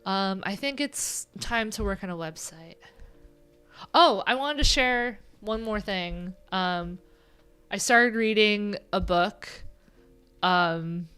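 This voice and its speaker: Woman, nasal, casual streamer chat, self-deprecating, mid-pitched. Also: fairly bright tone, clean tone. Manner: chatty, rambling, self-deprecating. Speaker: livestream host.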